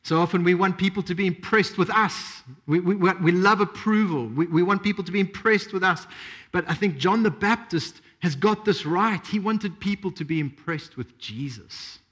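High-voiced man preaching emphatically. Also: moderate pace, fairly bright tone, breathy edge. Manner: emphatic, repeats phrases, rhetorical questions. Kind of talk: sermon.

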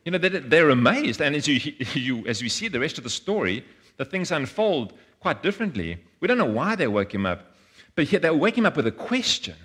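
A man's voice: a little high, big pitch swings, a little fast, fairly bright tone, breathy edge. A man preaching a conversational sermon, earnest and informal, often restarting and repeating words as he speaks.

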